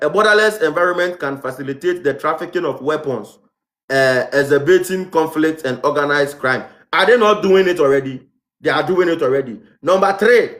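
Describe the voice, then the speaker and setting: A man with a Ghanaian English accent delivers an impassioned commentary, firing off repeated rhetorical questions. His voice sits a little high for a man. The room around him is noticeably echoey. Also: a bit bright. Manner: heated, repetitive rhetorical questions. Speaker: vlogger.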